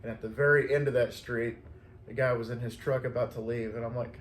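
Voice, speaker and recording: A man's voice: mid-range voice, steady tone, fast talker, reverberant, slight background noise. A man, a flower delivery driver, casually telling stories from his day, chatty and laughing often. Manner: chatty, laughs often, acts out quoted voices. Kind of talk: casual storytelling chat.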